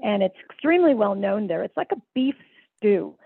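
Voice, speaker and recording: Husky woman guest on a phone line. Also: mid-range voice, big pitch swings, normal speed, no room sound. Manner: agreeable, with short affirmations and filler-laden explanations. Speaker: travel writer guest. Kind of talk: casual interview chat. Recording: tinny, dry phone line.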